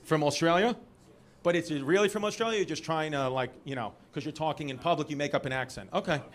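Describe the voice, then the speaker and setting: His voice sits a little high and runs fast as he delivers an animated stand-up set before a theater audience. Originally from Brooklyn, New York, he slips into other people's voices and riffs with listeners, with audience sounds captured live.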